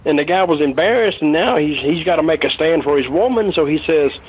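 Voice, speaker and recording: A man's voice: fairly high pitch, lively intonation, a little fast, narrow, tinny audio. An older man casually telling a rambling anecdote, swearing freely and chuckling as he goes. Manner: rambling, salty, chuckling storyteller. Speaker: storytelling guest. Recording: noisy background.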